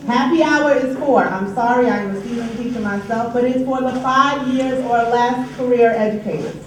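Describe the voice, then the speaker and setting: A woman's voice: fairly high pitch, moderate pace. New York woman reporting in an echoey hall. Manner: upbeat, animated when announcing. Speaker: union treasurer and committee chair. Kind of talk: meeting report. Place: large meeting hall. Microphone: distant from the recorder. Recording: echoey hall from far off, background noise.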